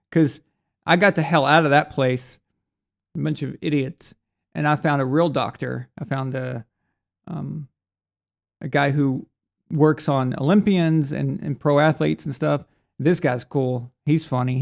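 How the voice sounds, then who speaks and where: Gravelly, casual sports stream host. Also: male voice, fairly high pitch. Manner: casual, rambling storyteller with restarts; acts out voices in quoted speech. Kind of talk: live stream chat reading super chats.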